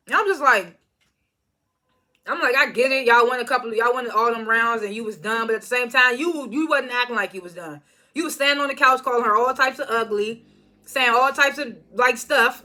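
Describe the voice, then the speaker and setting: A woman's voice: on the high side, quick pace, sharp tone. Chatty woman recapping reality TV. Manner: chatty, laughs often, mimics cast members. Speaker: reality show reviewer. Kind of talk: casual recap commentary.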